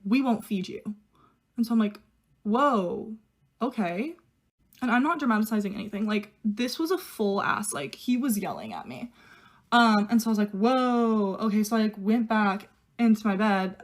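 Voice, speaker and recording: Chatty young woman telling a storytime. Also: medium pitch. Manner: chatty, heavy use of "like", quoting others in her own voice. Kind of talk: casual get-ready-with-me storytime.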